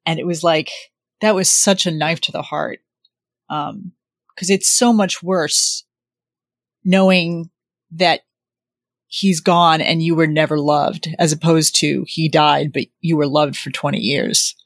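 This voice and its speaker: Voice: mid-range voice, steady tone, takes it slowly, vocal fry, no room sound, clean studio sound. A speaker in casual podcast chat, emphatic, swearing and often laughing. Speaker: podcast co-host.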